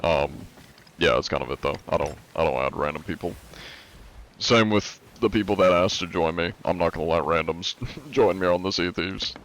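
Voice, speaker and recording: Male streamer, low-ish voice, stuffy nose, loose and profane, faint hiss behind. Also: moderate pace, a bit bright. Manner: loose and chatty, swears freely. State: congested. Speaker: live streamer. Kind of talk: casual gaming livestream chat.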